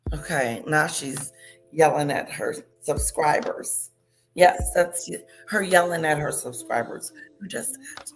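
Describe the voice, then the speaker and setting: A woman's voice: low voice, slow pace, vocal fry. A woman streamer giving gossipy, scornful commentary as she tells the story of a feud.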